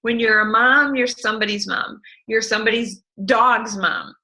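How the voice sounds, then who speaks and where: A middle-aged woman tells her story as an interview guest. She speaks with passionate, motivational energy, sometimes launching into an animated rant. Her voice is bright and forward, pitched a little high. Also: moderate pace, poor audio. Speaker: network marketing distributor, guest. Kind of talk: enthusiastic motivational interview talk.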